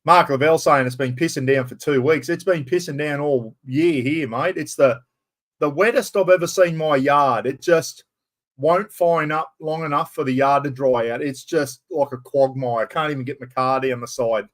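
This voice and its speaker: A man's voice: on the high side, moderate pace. A middle-aged man from far north Queensland with an Australian accent, rambling and greeting viewers by name as the host of a casual live stream.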